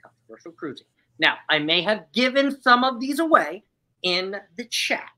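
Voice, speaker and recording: A woman's voice: medium pitch, sing-song, moderate pace, bright, forceful tone, low-quality recording. A woman hosting a live stream trivia game in a chatty, upbeat way, laughing often as she reads out chat replies. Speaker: livestream host running a trivia game.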